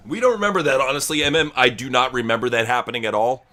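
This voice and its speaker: Bright, excitable man calling wrestling. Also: medium pitch, quick pace. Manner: profane, excitable play-by-play. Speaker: co-host. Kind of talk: live reaction commentary.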